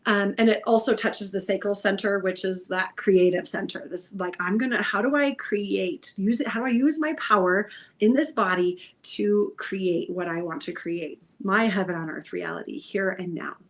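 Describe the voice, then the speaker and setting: A woman leads a spiritual livestream as an intuitive healer, her voice at an ordinary middle pitch. She speaks softly and unhurriedly, sighing often and dropping into whispers. She repeats phrases in a calm, meditative way. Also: normal speed. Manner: soft, meandering, with frequent sighs and whispered phrases.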